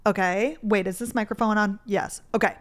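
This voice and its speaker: A woman's voice: medium pitch, fairly even intonation, normal speed. A young woman telling a dating story in a casual, rambling way, with lots of "like" and gushing asides. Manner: gushing, rambling, filler-heavy with frequent "like". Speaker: vlogger.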